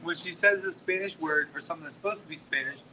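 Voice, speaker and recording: A man's voice: a little high, quick pace, pushed and bright, a little hiss or hum, rough recording. A man in his forties from Texas, telling stories in casual, profane podcast chat at a restaurant. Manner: profane, rambling storyteller full of "like". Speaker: podcast host.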